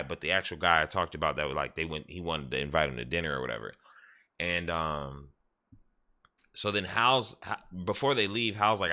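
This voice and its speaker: A man's voice: rumbling low, bright, forceful tone. A man streaming, casually retelling a show's scenes with profanity and acted-out quotes. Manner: rambling, profane, acts out quotes. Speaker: gaming streamer. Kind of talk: casual recap of a show.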